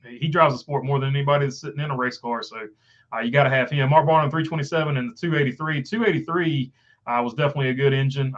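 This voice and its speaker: A man's voice: mid-range voice, fairly bright tone, muffled recording. A man with a Southern country accent hosting a casual live stream, reading viewer comments with lots of "uh" fillers. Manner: filler-heavy, rambling, frequent uh.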